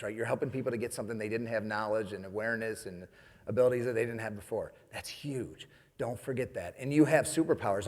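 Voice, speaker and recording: Male keynote comic from New York, playful and chatty, onstage in a hall with a long echo. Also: lowish voice. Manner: jokey, conversational, keeps asking "right?". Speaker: motivational speaker. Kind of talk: comedic keynote speech. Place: event stage in a large hall. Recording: long reverb of a large hall.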